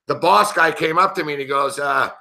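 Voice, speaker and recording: A man's voice: on the high side, a little fast, gravelly, pushed and bright. A middle-aged man hosting a sports betting show, telling stories in a brash, profane, casual way and laughing often. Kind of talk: casual storytelling chat.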